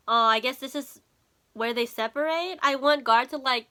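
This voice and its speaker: A woman's voice: a little high, normal speed, sharp tone. A young woman chatting casually as she recaps and reacts to an anime episode, laughing often and using lots of fillers.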